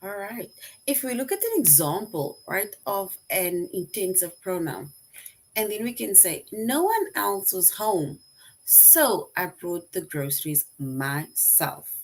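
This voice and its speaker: A woman's voice: mid-range voice, very animated, slow pace, a little hiss or hum, poor audio. A woman teaching a recorded grammar lesson, explaining step by step, repeating her example sentences and often checking in with "right?".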